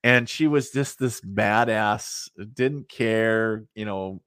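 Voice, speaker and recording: A man's voice: lowish voice, slow, a bit bright, clear, resonant tone, dry recording, clean studio sound. A middle-aged man, a psychic medium, telling stories in a casual, rambling way, with many fillers and asides, laughing at his own tales. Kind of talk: casual storytelling in an interview.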